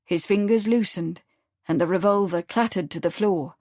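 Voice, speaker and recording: Narrating an audiobook from a script, a woman with a fairly low voice keeps her storytelling calm and even at a moderate pace. The audio is clean studio sound with no echo.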